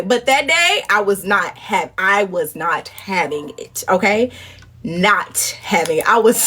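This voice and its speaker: A woman in her thirties chatting casually on a livestream, telling stories animatedly, leaping to high indignant exclamations and dropping to low murmured asides. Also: lively intonation, slow pace, bright, forceful tone, slight background noise. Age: 30s. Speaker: livestream host. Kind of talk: casual live-stream chat.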